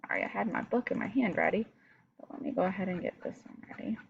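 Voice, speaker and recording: Woman, teacher, recorded lesson, lively intonation, dull lo-fi sound, faint hiss. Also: mid-range voice, quick pace, vocal fry. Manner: explains step by step, talks to her pupils.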